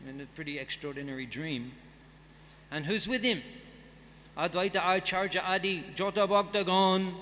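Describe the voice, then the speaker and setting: A man's voice: high voice, bright, forceful tone, big-room sound, a little hiss or hum. A man giving a scripture class, reading and chanting verses and then explaining them in a conversational way. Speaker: guest speaker at a temple festival. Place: temple hall.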